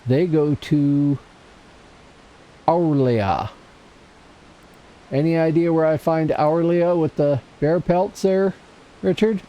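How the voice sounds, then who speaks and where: Dull audio carries this man's high-leaning voice as he plays on a livestream, speaking slowly and pausing often. He's chatty, casually talking to himself and to chat about his gameplay.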